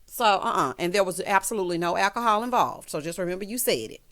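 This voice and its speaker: Sassy lady recapping reality tv, chatty, talks right at the cast, medium pitch. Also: expressive, quick pace, a bit bright. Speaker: recap vlogger.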